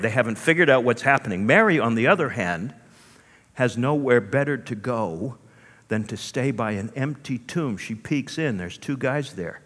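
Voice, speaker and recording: Animated male preacher in a reverberant hall. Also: medium pitch, moderate pace. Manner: animated storytelling, rhetorical asides. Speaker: pastor. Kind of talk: sermon.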